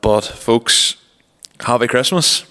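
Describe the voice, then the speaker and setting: A man's voice: mid-range voice, slow, pushed and bright. A young man co-hosting a podcast, telling rambling stories with casual swearing. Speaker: podcast co-host. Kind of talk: casual chat. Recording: long reverberant room.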